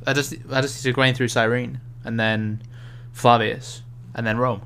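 A man's voice: mid-range voice, normal speed, clean tone. A young man co-hosting a gaming podcast, chatting casually and telling stories with animation and frequent laughs. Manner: animated storytelling, laughs often. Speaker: podcast co-host. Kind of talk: casual chat.

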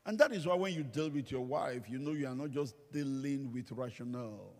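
In a church hall, a male pastor preaches a comic sermon at a brisk pace, his voice medium in pitch. He brings his stories to life by acting out quoted voices. Long, large-hall reverb colors the recording.

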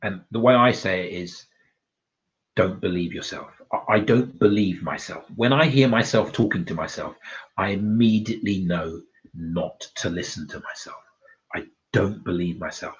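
A man's voice: sits low, normal speed. A man giving a casual self-development talk, blunt and swearing freely, laughing at his own points. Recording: dull lo-fi recording.

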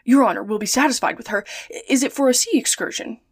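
A woman's voice: on the high side, fast talker, breathy edge. Woman reader playing a keen, bowing dockside sailor man, storybook. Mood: eager. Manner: eager salesman tone. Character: eager, deferential harbour sailor man.

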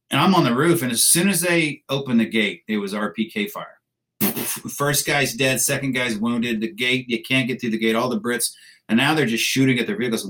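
A man's voice: medium pitch, a bit bright. A man, a military veteran, telling a combat story in a blunt, casual, profane way with wry laughs.

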